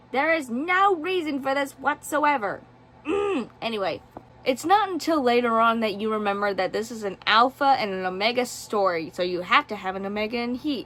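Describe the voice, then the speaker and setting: A woman's voice: on the high side, fairly bright tone, slight background noise. A woman giving a casual book review, sarcastic and exasperated.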